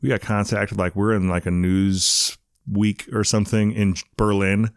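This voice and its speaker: A man's voice: fairly low pitch, level tone, measured pace, no echo, clean studio sound. A man guest talking in a laid-back, casual way, dropping "dude" often. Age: adult, a parent. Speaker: donut shop owner, guest. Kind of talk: casual conversation.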